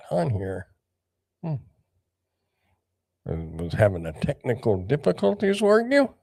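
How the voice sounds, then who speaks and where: Older man, gravelly, lowish voice, dry close sound, rambling livestream chat. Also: darkish tone, dry recording. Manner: rambling, chats with viewers by name. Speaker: livestream host.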